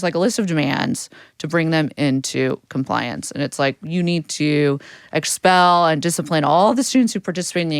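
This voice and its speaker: A woman co-hosts a casual political podcast, talking with a sarcastic, profane edge. Her pitch swings widely and animatedly from line to line. The sound is dry and close, with no room around her. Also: smooth, dry recording. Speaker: podcast co-host.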